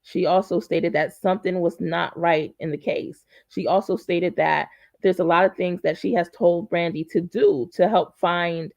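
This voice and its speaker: Brief: gravelly-voiced host, rambling recap, dry and dull lo-fi sound. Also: medium pitch, fairly even intonation, normal speed, a little mellow, no echo. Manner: rambling, filler-heavy recap. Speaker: true crime commentary host. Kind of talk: casual commentary.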